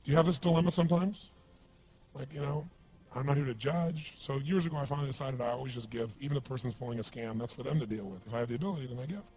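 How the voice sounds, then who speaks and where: A man's voice: medium pitch, fast talker, darkish tone. A man giving an emphatic seminar talk, telling stories and quizzing his audience. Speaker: motivational speaker.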